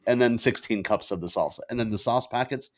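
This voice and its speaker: A man co-hosting a podcast, telling stories in animated casual banter and laughing often, recorded over a video call. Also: mid-range voice, a little fast. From Indian family. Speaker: podcast co-host. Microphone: video call with ring light.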